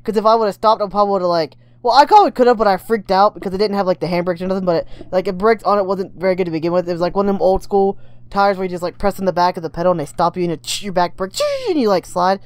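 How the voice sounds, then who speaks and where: A woman's voice: mid-range voice, steady tone, racing, a little mellow, dry recording. A woman telling a casual story-time vlog, rambling and checking in with "right?" as she goes. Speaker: vlogger.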